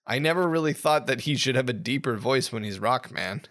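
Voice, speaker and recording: A man's voice: medium pitch, animated, fairly quick, a bit bright. A man co-hosting a podcast in casual chat, profane and laughing a lot, acting out quoted lines. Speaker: podcast co-host.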